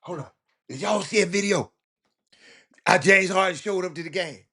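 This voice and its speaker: Hosting a laid-back sports talk livestream, this Houston man speaks in a high, husky voice at a moderate pace. He laughs a lot, stays animated, and addresses his chat directly.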